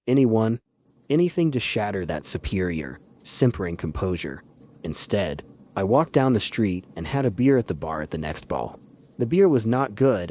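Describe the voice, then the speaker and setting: A man narrating a novel as an audiobook, in measured, dry first-person storytelling. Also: fairly low pitch, mellow. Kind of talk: scripted literary narration.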